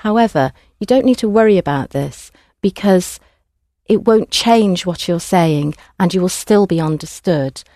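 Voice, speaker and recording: A woman teaching a language class, prompting students clearly and patiently. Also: on the low side, unhurried, dark tone, no echo, studio quality. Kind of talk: classroom instruction.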